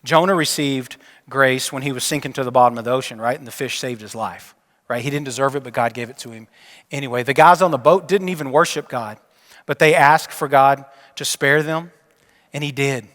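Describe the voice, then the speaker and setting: A male pastor preaching a sermon and telling a story, his delivery dropping from emphatic to hushed. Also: medium pitch, steady tone, a little fast. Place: church sanctuary. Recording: long church reverb.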